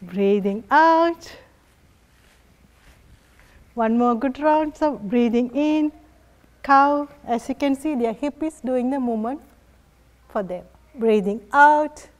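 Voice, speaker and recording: A woman yoga instructor guiding a family class in a gentle, encouraging way, often laughing softly. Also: sits high, moderate pace.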